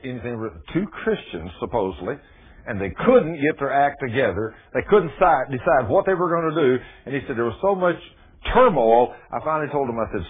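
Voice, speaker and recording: Husky folksy man preaching over radio. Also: mid-range voice. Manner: folksy, rising to loud emphatic preaching. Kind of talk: sermon. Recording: muffled phone-like radio broadcast.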